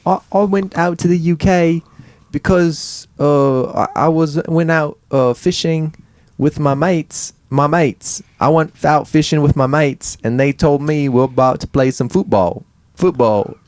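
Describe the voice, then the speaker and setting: A man's voice: a little high, dark tone, no room sound, pitched above the performer's own voice, close to an everyday voice. A man putting on a British accent to play a bloke bragging about fishing with his mates, stumbling over his words. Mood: boastful. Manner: halting, stumbling mock accent.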